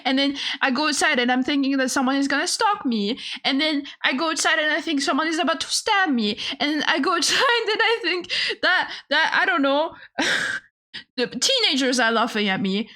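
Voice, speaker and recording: A woman's voice: high-pitched, fairly quick, bright, forceful tone. A young adult woman streamer telling stories in a casual, profane, exasperated rant, laughing often.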